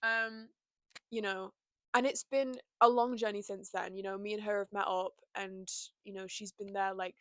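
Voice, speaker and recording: A woman's voice: mid-range voice, flat delivery, moderate pace, dry recording. A young woman chatting casually and openly to camera from her bedroom, full of "like" and "you know". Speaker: vlogger. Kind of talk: casual confessional chat.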